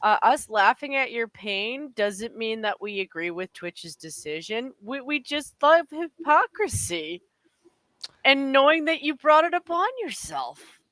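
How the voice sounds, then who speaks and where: A woman co-hosting a casual political chat stream. She speaks haltingly, repeating words before she makes her point. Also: fairly high pitch, big pitch swings, sharp tone, no echo, rough recording. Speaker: co-host.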